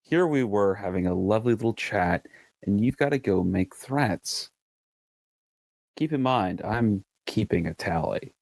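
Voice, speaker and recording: Man playing smug cheeky adventurer, teasing, slow, low voice. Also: expressive, creaky, darkish tone, no echo, heavily acted.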